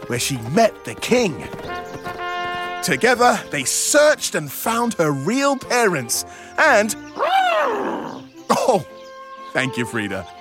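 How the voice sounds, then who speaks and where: A man narrating a children's story, animated and speaking to young listeners. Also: sits high, slow, pauses often, music in the background.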